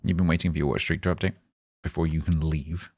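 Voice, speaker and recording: Male streamer, very low voice, rambling self-mocking banter into a desk mic. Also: level tone, fast talker, darkish tone, dry recording. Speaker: game streamer. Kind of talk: casual live-stream chat.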